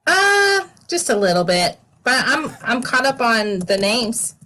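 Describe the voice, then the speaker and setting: A woman co-hosts a casual livestream and gives short, easygoing replies. Her pitch rises and falls freely as she talks. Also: sing-song, a little slow, sharp tone. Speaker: livestream co-host, chat moderator.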